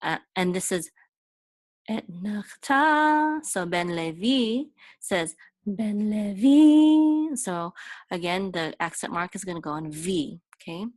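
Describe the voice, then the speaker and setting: A woman teaching Torah chanting in an informal lesson, explaining patiently and breaking into short sung examples. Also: dry recording. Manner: explains slowly, then sings chanted examples higher and louder.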